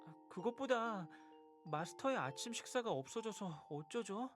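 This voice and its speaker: A voice actor playing a shy, devoted young boy in a game, soft and stammering. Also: medium pitch, expressive, very fast, over music, natural voice. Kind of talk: game voice acting.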